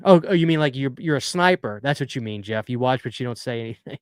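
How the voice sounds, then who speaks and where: A man's voice: mid-range voice, animated, fast talker, hardly any pauses, clear, resonant tone, no echo, studio quality. A man hosting a casual live stream, earnestly chatting and reading viewer messages aloud. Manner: earnest, talkative, reads chat aloud.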